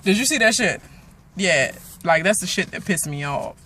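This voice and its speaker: Bright-voiced angry man ranting. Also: high-pitched, normal speed, a little hiss or hum. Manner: animated, swearing, trails off into asides. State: angry and worked up. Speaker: reality show recap vlogger. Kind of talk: casual profane recap rant.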